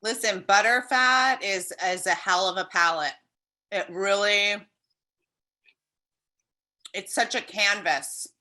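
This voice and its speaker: A woman speaking as a cheese expert on a webinar, relaxed and casual, with loose wording and fillers. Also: medium pitch, slow pace, long pauses.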